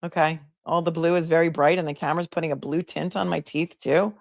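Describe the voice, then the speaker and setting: A woman's voice: low voice, steady tone, brisk, vocal fry, dry recording. A woman attorney hosting a live commentary stream, chatting casually and sarcastically while reading viewer comments aloud.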